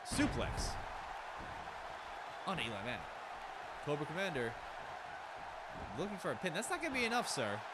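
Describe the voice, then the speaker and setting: Excitable man calling wrestling play-by-play. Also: fairly high pitch, normal speed, pauses often, heavy background noise. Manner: excitable, swearing, joking asides. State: strained, losing his voice. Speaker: wrestling commentator. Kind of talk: play-by-play commentary.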